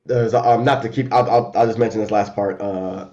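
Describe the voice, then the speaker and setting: A man in a casual remote chat, talking fast and loose with lots of fillers, restarts and swearing. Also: lowish voice, dull audio. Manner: animated and profane, many fillers and restarts. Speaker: podcast co-host.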